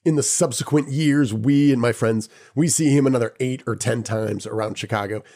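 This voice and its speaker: A podcast host telling a personal anecdote in a lively, casual way, chuckling now and then. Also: male voice, mid-range voice, normal speed. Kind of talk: personal storytelling.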